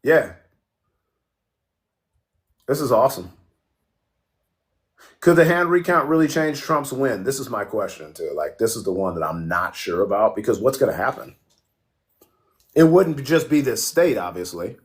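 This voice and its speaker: A man's voice: medium pitch, lively intonation, a little slow, long pauses. A man hosting a casual livestream, joking, swearing freely and answering viewers' comments as they come in. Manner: profane, joking, reacts to chat. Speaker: livestream host.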